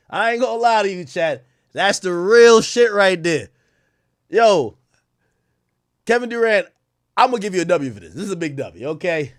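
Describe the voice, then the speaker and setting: A man streaming a casual reaction, excitable and profane, full of slang. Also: high-pitched, moderate pace, long pauses, no room sound, studio quality.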